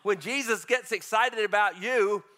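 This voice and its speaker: Bright-voiced, high-pitched male preacher. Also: unhurried. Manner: conversational, animated preaching with chuckles. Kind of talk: sermon.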